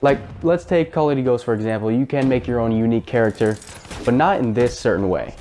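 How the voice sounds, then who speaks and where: A man's voice: medium pitch, quick pace, mellow, soft background music. A man hosting a casual spoken game review, talking in a chatty, rambling way with fillers and the odd swear word. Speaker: gaming channel host.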